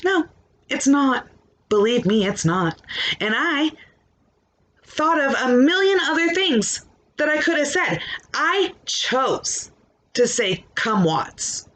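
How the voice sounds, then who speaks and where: A woman's voice: high-pitched, big pitch swings, takes it slowly, long pauses, fairly bright tone. A young adult woman podcast host ranting into her microphone, blunt, defiant and full of swearing. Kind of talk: ranting monologue.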